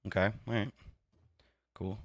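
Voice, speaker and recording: During a live stream, the male host rambles in a casual way, dividing his attention between the chat and adjusting his equipment. He speaks at a measured pace with a fairly low, fairly even voice, and the recording is dry.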